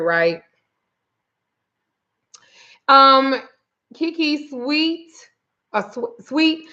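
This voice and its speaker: A woman's voice: fairly high pitch, fairly bright tone, highs cut off. Profane, exasperated woman telling a story. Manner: reads viewer names aloud. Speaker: spiritual reader and root worker. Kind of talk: casual livestream storytelling.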